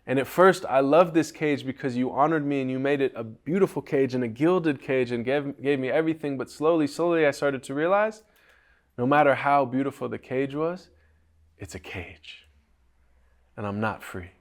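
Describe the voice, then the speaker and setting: A man voicing a caged talking parrot longing for freedom, in a quiet, confessional tone that softens at the ends of phrases. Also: medium pitch, brisk, close to an everyday voice. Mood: wistful.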